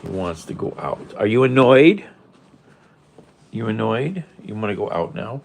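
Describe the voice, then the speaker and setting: A man's voice: on the low side, very animated, a little slow, creaky, a little mellow, a little hiss or hum. A man vlogging in a casual late-night chat, telling stories, laughing at his own jokes and cooing at his cat. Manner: coos at his cat in baby talk.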